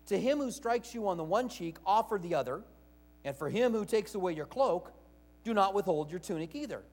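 A man's voice: high-pitched, animated, a little fast, a little mellow, long reverb tail. A male pastor preaching a sermon in a conversational way, reading scripture aloud and asking the congregation rhetorical questions.

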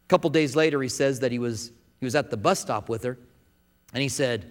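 A man, a pastor preaching a sermon, swinging between loud emphatic passages and soft hushed ones. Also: medium pitch, a little fast. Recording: long reverb of a large hall.

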